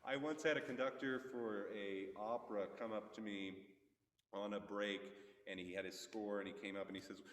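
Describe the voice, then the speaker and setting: Trombone teacher in a reverberant hall. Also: male voice, on the low side, normal speed. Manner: relaxed, explanatory, with sung demonstrations. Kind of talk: masterclass instruction. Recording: echoey hall, far from mic.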